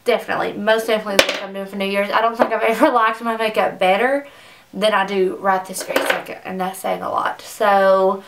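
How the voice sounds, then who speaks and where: Sitting in her makeup room at home, a young woman gushes casually over makeup she's reviewing, with plenty of "like"s. This beauty vlogger speaks fairly quickly in a mid-range voice with flat delivery, far from the mic over a noisy background.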